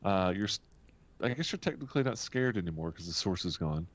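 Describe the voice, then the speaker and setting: A man running a tabletop game as game master, laid-back and animated as he narrates and makes rulings. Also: deep voice, a little fast.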